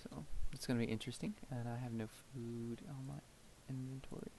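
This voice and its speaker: A man's voice: medium pitch, steady tone, a little fast, gravelly, a little hiss or hum, rough recording. Young male let's-play host, mid-range voice, meandering casual chat, mutters to himself while building. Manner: rambling, thinks aloud while building, trails off into soft murmurs. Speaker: gameplay commentator.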